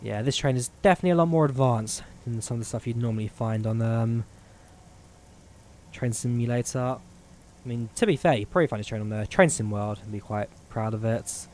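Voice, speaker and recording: A man's voice: mid-range voice, fairly quick, a little mellow, slight background noise. A young man with a mix of Midlands and Eastern European accents, chatting casually and rambling as he streams a train simulator. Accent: Midlands English mixed with Eastern European. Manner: chatty, rambling, self-deprecating. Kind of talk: casual gameplay commentary.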